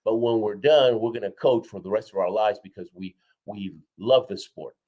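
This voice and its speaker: A man's voice: fairly low pitch, moderate pace, dark tone, close to an everyday voice. A man voicing a stern German bobsled team that lectures a newcomer in a matter-of-fact way. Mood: lecturing.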